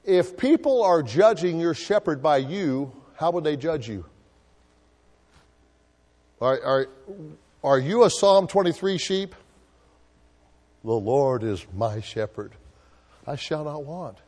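A man's voice: a little high, animated, slow, long pauses, a little mellow, in a large hall. A male pastor preaching a sermon, drawing answers from the congregation with call-and-response questions.

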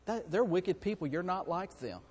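A preacher voicing a sly male devil who tempts with low, coaxing lies, in a reverberant hall. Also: lively intonation, moderate pace, darkish tone, breathy edge.

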